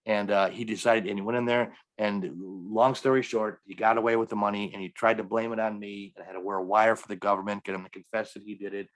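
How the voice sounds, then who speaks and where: Middle-aged comedian guy, lowish voice, rattles off a story quick, acting out all the voices. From Milwaukee area, US. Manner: animated storyteller, acting out quoted dialogue. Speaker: stand-up comedian guest. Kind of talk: storytelling in a podcast interview.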